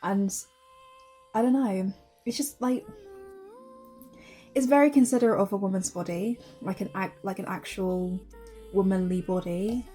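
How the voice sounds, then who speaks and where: A woman's voice: medium pitch, measured pace, long pauses, mellow, soft background music. Gushing young woman reviewing fashion. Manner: gushing, many fillers. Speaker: fashion vlogger. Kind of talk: casual chatty commentary.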